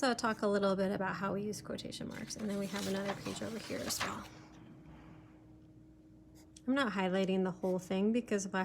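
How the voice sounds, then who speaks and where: A woman's voice: mid-range voice, slight background noise. A woman teacher giving a recorded remote lesson, explaining step by step with many fillers, sometimes turned away from her computer mic.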